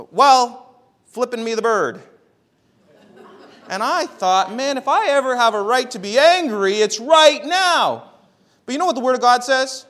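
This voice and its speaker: A man in his thirties preaching a sermon, telling stories with big swings between loud and quiet, often repeating words as he restarts. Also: very high-pitched. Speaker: pastor. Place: church.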